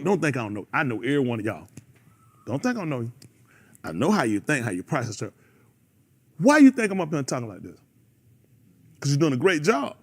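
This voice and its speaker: A man with a somewhat high voice and a breathy edge preaches a fiery sermon. He is animated and preachy, calling out members of the congregation by name.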